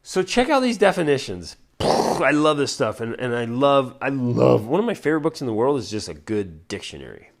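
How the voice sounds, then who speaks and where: A man hosting a podcast, talking earnestly and directly to listeners, with lively swings from loud emphasis down to hushed, near-whispered words and many rhetorical questions. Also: medium pitch, moderate pace, creaky, few pauses. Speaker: podcast host. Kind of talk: heartfelt casual talk to listeners.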